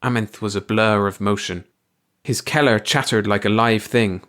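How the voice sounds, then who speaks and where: A man narrating a short story aloud in a steady, even reading voice. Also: fairly low pitch, normal speed. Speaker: audiobook narrator.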